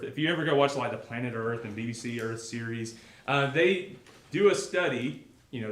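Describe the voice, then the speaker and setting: A man's voice: on the high side, a bit bright. A man teaching a Bible class in a casual, conversational way, often asking the class questions. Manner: conversational, asks the class questions, many fillers. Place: classroom or church hall. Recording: echoey room.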